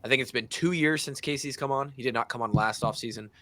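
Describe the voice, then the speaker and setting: A man in his thirties tells a story on a casual podcast. His voice is bright and forward, and he talks in an animated way, slipping into the voices of the people in the story. His pitch sits in an ordinary middle range. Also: quick pace. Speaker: podcast host.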